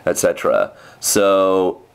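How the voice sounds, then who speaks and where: A young man with a fairly low voice rambles through a casual vlog about his day teaching English. He talks loosely, full of fillers and little asides. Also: very animated, slow pace, creaky, smooth. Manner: chatty, with many fillers and quoted kid voices.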